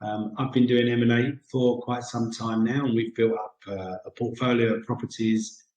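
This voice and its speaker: A man's voice: mid-range voice, steady tone, normal speed, darkish tone, echoey room, low-quality recording. A man with a British accent hosting a casual chat segment, rambling with many ums and uhs. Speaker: segment host.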